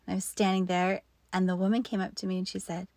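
A woman's voice: mid-range voice, level tone, quick pace, no echo. Earnest woman in her fifties, dry sound. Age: 50s. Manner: earnest, drops into soft whispered asides. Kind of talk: personal faith storytelling.

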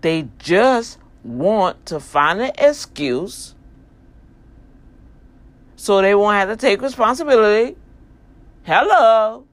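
A woman's voice: medium pitch, expressive, slow, long pauses. A woman with a New Orleans accent talking to her viewers in a casual, preachy monologue, full of emphatic rhetorical questions. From New Orleans, US South. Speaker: vlogger addressing her online family.

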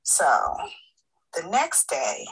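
A low-voiced woman tells a travel story at an unhurried pace in a recorded voice note. She talks in a chatty way and laughs at her own story. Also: huge pitch swings, a bit bright, husky, whispered, rough recording. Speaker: listener sending a voice note.

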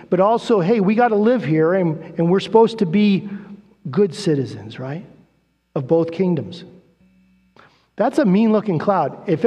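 A man preaches to a congregation, his voice sitting high for a man. He tells stories and acts out the quoted lines with energy. The sound rings with a long reverb from a church sanctuary. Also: mellow, lo-fi sound. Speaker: guest preacher. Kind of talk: sermon.

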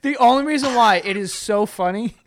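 A man's voice: very high voice, a little fast, a crowd in the background. A young man co-hosting a podcast in casual, slangy chat, laughing along. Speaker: podcast co-host.

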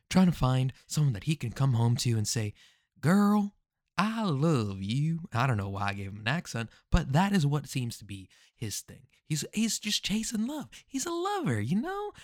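A man talking through a story in casual commentary, animated and joking, with rhetorical questions and slangy asides. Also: medium pitch, dry recording, studio quality. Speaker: commentary host.

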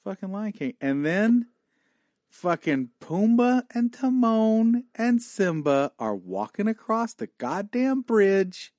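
A man co-hosting a podcast in casual chat, animated and swearing freely. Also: sits high, slow, dry recording, clean studio sound. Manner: animated, swears a lot, gets choked up. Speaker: podcast co-host.

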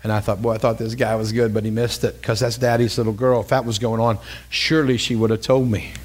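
A middle-aged man preaching as a pastor, telling a story in a conversational, animated way and repeating phrases for emphasis. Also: lowish voice, fast, a little hiss or hum. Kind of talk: storytelling sermon.

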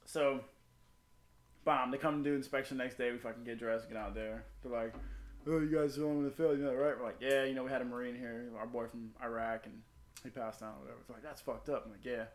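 A man's voice: mid-range voice, steady tone, a little fast, reverberant. A former Marine telling a story in casual, profane chat and acting out the people he quotes.

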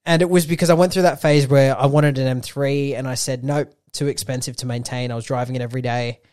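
A man's voice: medium pitch, steady tone, quick pace, darkish tone, clean tone, dry recording, clean studio sound. A man co-hosting a podcast, casually telling a story about hunting for his next car, with plenty of fillers. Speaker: podcast co-host.

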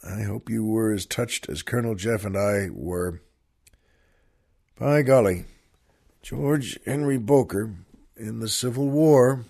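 Male show host: slow-paced, folksy, chatty with listeners. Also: on the low side, gravelly, dark tone, husky. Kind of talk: folksy show talk and poetry reading.

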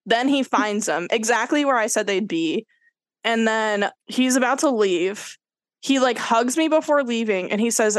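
A young woman with a fairly high voice tells a dating story on a podcast, filling every gap with "like" and acting out what each person said. Her voice is recorded close and dry. She is chatting casually with a friend. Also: unhurried, no echo. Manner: animated storyteller, fills with "like", acts out quotes. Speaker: podcast co-host.

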